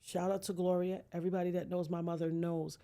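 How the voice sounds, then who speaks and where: A podcast guest with a fairly low, fast voice and little pitch movement relates a dramatic personal story. She acts out the voices of others, and the emotional account swings between hushed moments and near-shouting.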